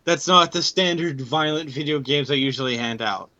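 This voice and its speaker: A man's voice: on the high side, moderate pace, pushed and bright, dull audio. A man co-hosting a podcast, chatting casually and teasing with jokes. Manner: joking, teasing. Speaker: podcast co-host. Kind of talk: casual chat.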